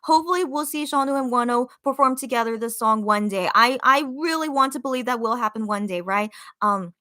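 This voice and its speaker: Bright-voiced excited woman fan host. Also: fairly high pitch, a little fast. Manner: excited, gushing fan talk with many fillers. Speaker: podcast host reading live chat comments. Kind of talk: casual livestream chat.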